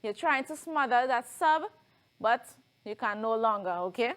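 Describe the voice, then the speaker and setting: A woman's voice: a little high, moderate pace, fairly bright tone. A woman with a Trinidadian accent teaching a televised lesson, explaining step by step and often checking in with "right?".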